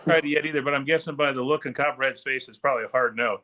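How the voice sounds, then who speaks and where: A man in a casual chat, telling stories in an animated way. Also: medium pitch, racing, crowd noise.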